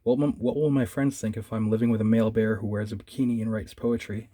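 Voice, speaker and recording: A man voicing a weary, put-upon comic character, speaking flatly and with exasperation. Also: fairly low pitch, fast, close to an everyday voice. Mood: exasperated.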